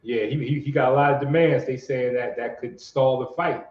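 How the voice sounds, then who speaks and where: A man's voice: mid-range voice, steady tone, fairly quick, a little mellow. A man hosting a boxing show, easygoing, reading out viewer comments. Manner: easygoing, drawled affirmations. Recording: roomy, dull lo-fi sound.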